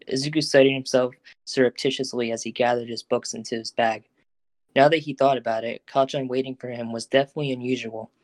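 A man narrates a fan audio drama in a steady, even storytelling voice. His pitch stays mid-range and fairly flat, and the recording is dry and close. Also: no echo.

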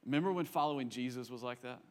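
A man preaching as a pastor, animated and acting out the people in the story, sometimes dropping to a soft, reflective tone. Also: mid-range voice, fast talker. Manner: drops to soft, quiet tones when reflective. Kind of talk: sermon.

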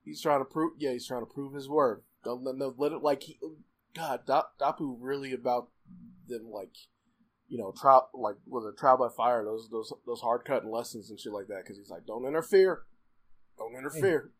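A man in casual chat, rambling excitedly with frequent laughs and fillers. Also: mid-range voice, moderate pace.

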